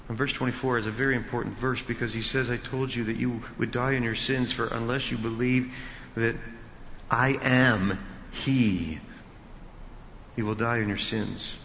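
A male pastor teaching an expository sermon, emphatic and building to loud peaks. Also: mid-range voice, flat delivery, brisk, a little hiss or hum. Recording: dull reverberant hall sound.

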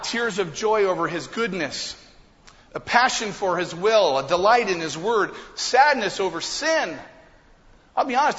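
A man preaching a sermon as pastor, swinging between quiet confiding asides and loud impassioned passages. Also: high-pitched, big-room sound, muffled recording.

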